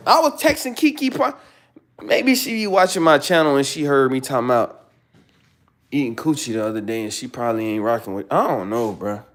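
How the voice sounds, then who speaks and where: Animated man ranting on a roomy livestream. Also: fairly high pitch, moderate pace. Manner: rambling, profane, preachy, talks straight to chat. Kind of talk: casual livestream rant. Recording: roomy echo.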